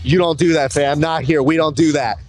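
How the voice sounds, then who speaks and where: A man from Southern California interviewing a fighter in casual, joking banter, telling animated stories. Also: on the high side, fairly quick, faint music behind.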